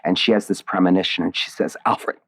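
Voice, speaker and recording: A man's voice: low voice, fast talker, vocal fry. A middle-aged man from the United States, a playwright guest telling stories with feeling and frequent restarts. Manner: animated, emotional storytelling with many restarts. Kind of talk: conversational interview.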